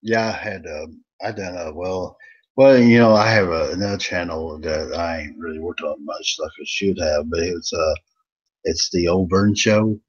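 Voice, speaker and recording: A man hosting a wrestling talk channel, chatting in a rambling, halting way with folksy grammar. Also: sits low, breathy edge, lo-fi sound. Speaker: YouTube wrestling channel host. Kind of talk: casual chat.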